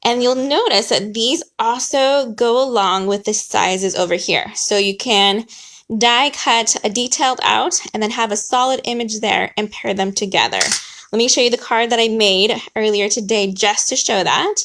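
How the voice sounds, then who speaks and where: A woman's voice: a little high, moderate pace, a bit bright. A woman hosting a casual card-stamping tutorial, chatty and upbeat, often apologizing and laughing as she sets things up. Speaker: host of a stamping craft class. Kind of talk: casual live craft tutorial.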